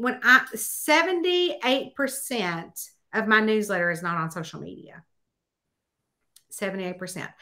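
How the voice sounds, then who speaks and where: A middle-aged woman in casual conversation, her voice bright and pitched a little high. She tells anecdotes with animated, acted-out quotes and many fillers. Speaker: mystery author, host. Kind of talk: casual chat.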